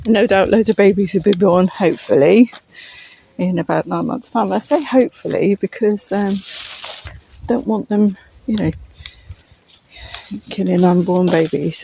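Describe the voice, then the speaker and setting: Strolling outdoors in the countryside, a British woman vlogs in a chatty, meandering walk-and-talk, laughing often and speaking to her dog. Her medium-pitched voice is warm and gravelly, though the recording is poor, with a little hiss or hum.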